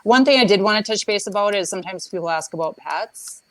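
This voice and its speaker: A woman's voice: medium pitch, fast, a bit bright, no echo, rough recording. A woman talking casually about staging and photographing homes, hesitant with many restarts and fillers, speaking over a phone on a video call. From Minnesota. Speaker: home stager and photographer. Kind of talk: casual live chat.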